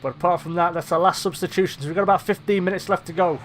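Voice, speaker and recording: A man's voice: sits high, steady tone, racing, a bit bright, a little hiss or hum. A young man commentating on his own game in a casual let's-play, laughing at himself and swearing when chances are missed. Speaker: gaming commentator.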